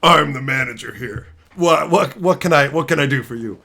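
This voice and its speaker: A man putting on the voice of an overly formal male call-center manager, slow and reassuring. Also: mid-range voice, creaky, sharp tone, pitched below the performer's own voice. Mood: smarmy. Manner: smarmy, slow reassuring customer-service tone.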